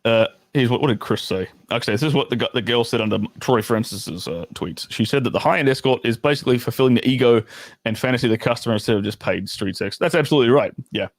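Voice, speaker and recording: An Australian man tells a story in blunt, casual chat, swearing often and tossing in laughing asides. His voice sits at an ordinary middle pitch. The sound is close and dry, with no room echo. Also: fast talker. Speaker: storytelling host.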